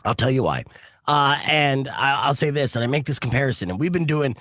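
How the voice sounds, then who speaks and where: A man's voice: medium pitch, expressive, a little fast, fairly bright tone, no echo. A man from New Jersey hosting a radio morning show podcast, talking in a brash, casual way and swearing freely.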